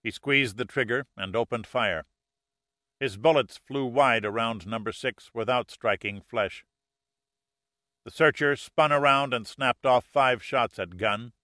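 A man narrating an action audiobook in a steady, measured storytelling manner. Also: medium pitch, dry recording, studio quality. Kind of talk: scripted narration.

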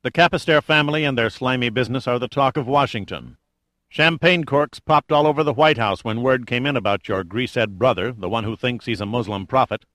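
A man's voice: medium pitch, brisk, a bit bright, no room sound, close to an everyday voice. A male narrator voicing a defiant, sarcastic male adventurer who talks bluntly and casually.

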